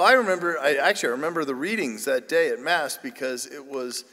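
A man's voice: on the high side, a bit bright, long reverb tail. A man, a priest, giving a humorous, chatty sermon with a self-deprecating streak and frequent restarts. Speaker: priest giving a parish mission talk. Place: church.

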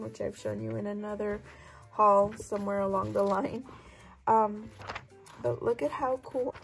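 Hoarse, gushing woman vlogger. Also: mid-range voice, low-quality recording. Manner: gushing, chatty, lots of "so pretty". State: hoarse from a lingering cough. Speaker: thrift haul vlogger. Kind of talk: casual haul vlog.

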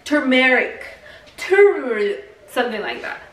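A young woman talks her way through a recipe in her home kitchen, chatty and laughing at herself, tossing in Spanish words. Her voice sits high and bright. The camera is set back from her, so the room sounds echoey. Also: measured pace, distant mic. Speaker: vlogger. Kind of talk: casual cooking vlog chat. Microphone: camera on tripod.

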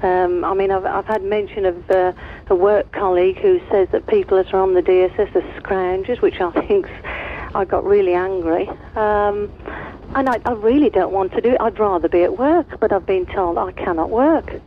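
A woman's voice: mid-range voice, normal speed, slight background noise. Frustrated woman in her fifties on a phone line. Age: 50s. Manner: aggrieved, frustrated, hesitant. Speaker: caller. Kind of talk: phone-in call. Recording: tinny phone line on radio.

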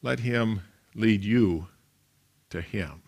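A man, a pastor, preaching a sermon in an animated storytelling way, with big swings in loudness. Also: on the low side, very slow, vocal fry.

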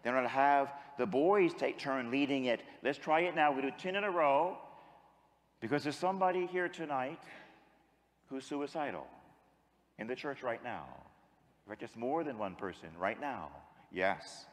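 A man's voice: mid-range voice, normal speed. Man preaching in a big echoey church. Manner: animated storytelling, leads the congregation in call-and-response. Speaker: priest. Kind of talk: sermon. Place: large church with long echo. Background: congregation.

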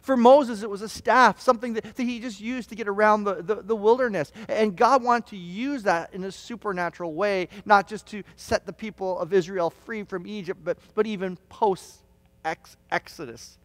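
A man preaching a sermon as pastor, telling stories with restarts and stammers, sometimes shouting quoted lines. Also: high-pitched, normal speed, no echo, in a large hall. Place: church hall.

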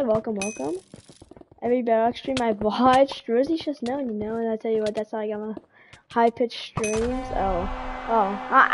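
A game streamer with a fairly high voice chats loosely with her audience live, speaking in easy, repetitive bursts and welcoming viewers as they arrive. She sounds like she has a slight cold, and there's a bit of background noise.

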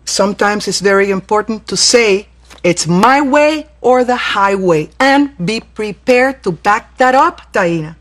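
An actress playing a caring, wry teacher who gives soothing but firm advice in a sitcom. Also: female voice, mid-range voice, unhurried, few pauses, a bit bright. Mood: reassuring. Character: caring, wry female teacher, middle-aged. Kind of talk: sitcom acting.

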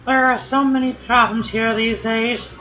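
A fretful, gossipy townsperson grumbling about the crowds, as a man puts on a raised voice. The voice comes out high and worried over faint game music. The recording sounds dull and lo-fi. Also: level tone, a little slow, pushed and bright, full character voice. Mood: complaining.

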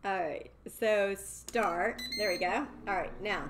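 A woman's voice: medium pitch, slow, background noise. A woman hosts a live home cooking show, chatting playfully and rambling while she cooks. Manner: playful, rambling, laughs at own jokes. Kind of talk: casual live cooking chat.

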